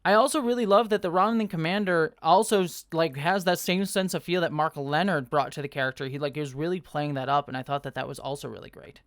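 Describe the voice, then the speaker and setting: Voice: medium pitch, fairly even intonation, fast, hardly any pauses, no echo, clean studio sound. Chatty, enthusiastic TV review host. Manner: chatty, enthusiastic, with many fillers. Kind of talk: casual spoken episode review.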